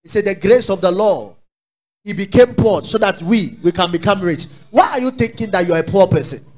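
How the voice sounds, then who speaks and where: A Ghanaian pastor with a high-pitched voice delivers an exhorting sermon. He leads call-and-response with the congregation. He drops into low asides, then climbs to loud, declaring lines. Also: animated, a little fast.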